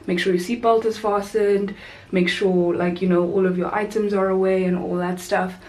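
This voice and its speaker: A young woman from South Africa, a flight attendant vlogger, chatting casually and animatedly while doing her makeup. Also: normal speed. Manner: chatty, animated storyteller, rising high for quoted voices. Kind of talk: casual makeup chat and storytime.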